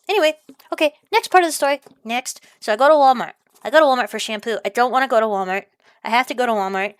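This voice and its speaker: A woman's voice: sits high, fast, clean tone, dry recording, studio quality. A woman delivering an exasperated, profane rant, repeating herself as she vents. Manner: exasperated, profane, repetitive ranting. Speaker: ranting vlogger. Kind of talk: angry rant monologue.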